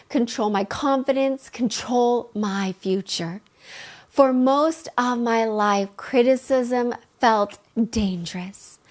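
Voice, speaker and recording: A woman podcast host telling a personal story in a chatty way, laughing often and restarting her sentences. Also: fairly high pitch.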